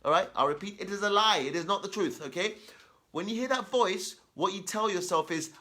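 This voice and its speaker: A man coaching children on reading aloud and practice, talking in a lively, encouraging way and checking in often with "okay?". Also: sits high, fairly quick. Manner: animated, repeats key points, many "okay?" check-ins. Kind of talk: storytime talk to children.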